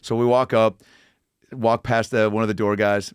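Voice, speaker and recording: A man, a comedian and actor, telling stories as a guest in casual chat, rambling and animated, full of fillers and acted-out quotes. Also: fairly low pitch, moderate pace, clear, resonant tone, no room sound.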